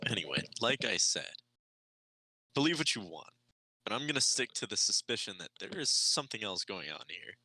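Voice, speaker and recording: A man's voice: lowish voice, big pitch swings, moderate pace, sharp tone, breathy edge, no room sound, poor audio. A man playing a tabletop game with friends, chuckling and half-earnest in character. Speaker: player. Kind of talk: casual tabletop game chat.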